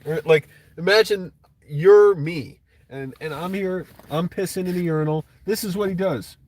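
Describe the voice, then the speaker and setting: A man's voice: sits high, moderate pace, darkish tone. A man hosting a livestream, ranting casually and angrily with lots of swearing. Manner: profane, agitated ranting. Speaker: livestream host.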